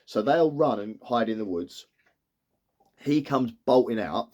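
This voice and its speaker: A man's voice: mid-range voice, lively intonation, unhurried, a little mellow. A man, retelling a TV episode in a rambling way, emotional and close to tears, acting out the characters' lines as he goes. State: tearful, emotional. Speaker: TV reviewer.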